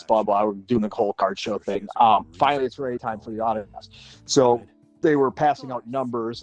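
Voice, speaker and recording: A man in his forties from Minnesota tells a long personal anecdote on a livestream. He swears casually and acts out what other people said. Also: medium pitch. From Minnesota, USA. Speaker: livestream panelist.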